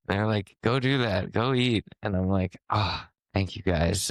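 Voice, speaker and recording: Young guy on a podcast, lowish voice, swears a lot, laughs mid-story, dry close sound. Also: no room sound. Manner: animated, swearing, laughing through his story. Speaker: podcast co-host. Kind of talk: casual storytelling chat.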